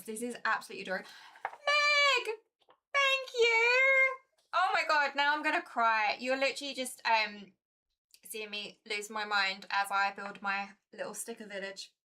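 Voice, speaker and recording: A young woman chatting casually as she streams a board game, talkative and easily excited. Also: medium pitch.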